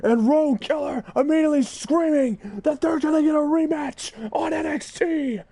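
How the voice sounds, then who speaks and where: A man calling a wrestling video game match play-by-play, excitable and often shouting. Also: extremely high pitch, normal speed, vocal fry, no echo. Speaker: gaming channel host.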